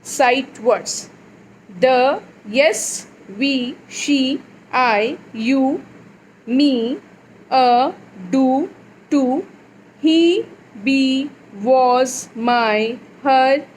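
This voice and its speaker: A woman teaching a young child phonics, reading words slowly and clearly and repeating them. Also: sits high, a little hiss or hum, rough recording.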